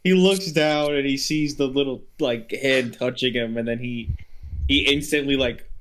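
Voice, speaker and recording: A man playing a tabletop game, describing his character's actions in a rambling, halting way. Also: mid-range voice, a bit bright. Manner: rambling, halting, with many fillers. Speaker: player. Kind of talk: casual tabletop play.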